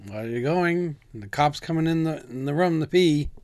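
A man's voice: on the high side, a little fast, a little mellow. A man telling an anecdote in casual chat, in a dry, understated way.

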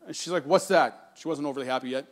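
A middle-aged male pastor giving a sermon, telling a family story with animated quoted voices, then turning earnest and soft on scripture. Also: mid-range voice, very fast.

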